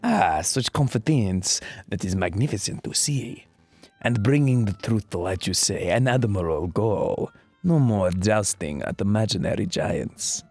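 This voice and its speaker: A man's voice: lowish voice, lively intonation, unhurried, darkish tone, dry recording, soft background music. A man voicing a pompous nobleman in a video game, with a hammy fake foreign accent and grand delivery. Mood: grandiose.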